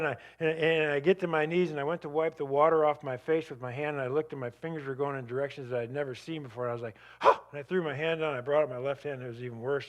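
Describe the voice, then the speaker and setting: A guest speaker at church, a man with a slightly high voice, tells a dramatic personal story. He alternates lively, vivid outbursts with abrupt drops to a hush.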